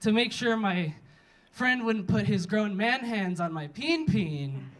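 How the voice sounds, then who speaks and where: A young man doing a stand-up set and hosting, deadpan and self-mocking, then speeding into animated rants. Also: sits high, slow pace. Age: young adult. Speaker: stand-up comic and host. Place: comedy club stage. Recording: live room with crowd laughter.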